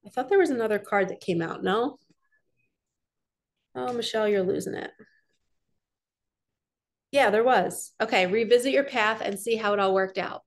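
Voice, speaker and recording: A woman's voice: mid-range voice, moderate pace, pauses often. Earnest chatty woman reading oracle cards. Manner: earnest, chatty and rambling, addressing viewers directly. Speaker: spiritual coach doing card readings. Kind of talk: casual oracle card reading monologue.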